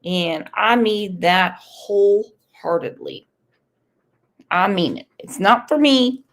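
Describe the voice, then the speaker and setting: A woman with a cold hosts a casual true crime livestream, her voice congested, medium-pitched, slow and a bit bright. Reading chat, she's blunt and outspoken, adding emotional asides.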